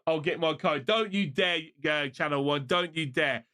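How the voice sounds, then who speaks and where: A man commentating online races on his live stream, shouting during close finishes and then chatting loosely to his viewers while out of breath. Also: on the high side, moderate pace. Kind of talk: live race commentary and casual chat.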